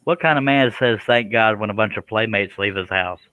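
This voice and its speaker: Lowish bright-voiced joking man. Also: brisk, smooth, no echo, rough recording. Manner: joking, chuckles, does silly animal noises. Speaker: live stream host. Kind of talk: casual chat reading out viewer comments.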